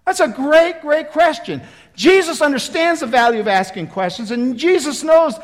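A man preaching a sermon in a folksy, conversational way, acting out Bible dialogue with lively emphasis. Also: extremely high pitch, normal speed. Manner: animated, acts out the Bible dialogue.

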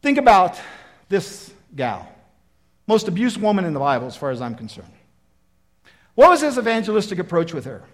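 High-voiced animated male preacher. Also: moderate pace, long pauses. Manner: animated, acts out the Bible dialogue; folksy and conversational. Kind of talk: sermon.

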